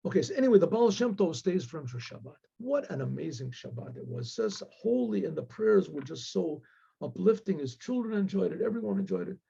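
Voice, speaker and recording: A man, a rabbi, telling a story in a casual, animated way, acting out the characters' voices and often clearing his throat. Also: high-pitched, a little fast, highs cut off. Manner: animated, acts out voices with rising emotional pleas; frequent throat clearing and restarts.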